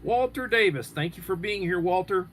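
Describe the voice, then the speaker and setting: Guy rambling on his livestream, reading chat out loud, bit of a higher voice, faint hiss behind. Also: animated, moderate pace. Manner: rambling, answers chat comments aloud. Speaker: livestream host. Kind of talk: casual live-stream chat.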